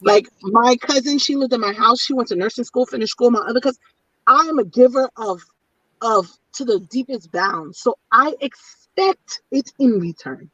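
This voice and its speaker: A woman's voice: a little high, animated, moderate pace, fairly bright tone, breathy edge, dry recording. A middle-aged woman in a candid casual chat, speaking bluntly and emphatically and repeating her points. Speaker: panelist in a women's chat. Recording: distant, dull lo-fi audio.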